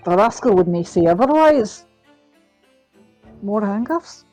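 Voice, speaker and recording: A woman's voice: medium pitch, lively intonation, measured pace, darkish tone, faint music behind, lightly acted. A woman voicing a sly male prison governor in a put-on Scottish accent, reading game dialogue aloud with a dry, wry manner. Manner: dialect-heavy, wry reading of game lines.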